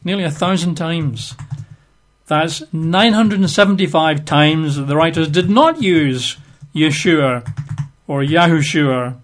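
Slow-speaking man teaching the Bible. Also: on the high side. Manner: conversational, wry asides, spells out words letter by letter.

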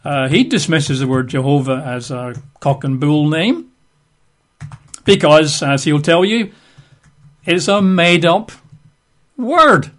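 A man's voice: fairly high pitch, slow, pauses often, a bit bright. A man giving an opinionated, plain-spoken talk with wry asides. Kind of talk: casual talk to camera.

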